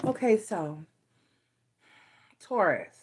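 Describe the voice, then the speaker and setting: A woman's voice: on the low side, big pitch swings, drawn-out words, background noise. A woman giving a casual tarot reading in a chatty, playful, teasing way. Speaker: tarot reader.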